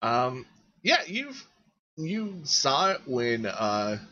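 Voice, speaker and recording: A man's voice: mid-range voice, wildly swooping pitch, extremely slow, sharp tone, dull audio. A man narrating as game master, describing scenes and speaking directly to the players.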